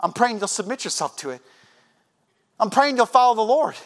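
A man with a high, very animated voice preaches briskly in a church sanctuary. His sermon is impassioned yet conversational as he acts out quoted voices and repeats himself to drive his point home.

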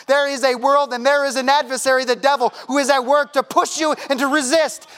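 A man's voice: extremely high pitch, steady tone, fairly quick, a bit bright. A man preaching a sermon in a church, impassioned and conversational, acting out quoted voices and repeating himself as he presses his point. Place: church sanctuary.

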